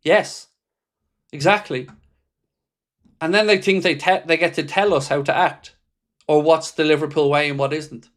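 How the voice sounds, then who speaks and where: Male stream host, fairly high-pitched, blunt and impassioned, swears freely while answering viewer comments. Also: steady tone, normal speed, pauses often. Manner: reads viewer comments aloud and answers them. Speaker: football fan channel host. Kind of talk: livestream reaction chat.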